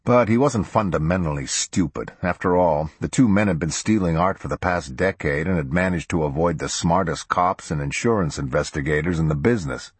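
A man narrating a crime novel as an audiobook in a steady, measured way. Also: sits low, husky, dry recording. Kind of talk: scripted narration.

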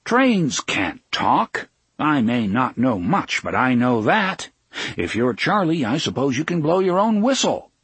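A man's voice: mid-range voice, sing-song, measured pace, fairly bright tone, breathy edge, no echo, full character voice. A man voicing a stern, blustery, middle-aged train engineer in an audiobook reading. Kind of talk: audiobook character voice.

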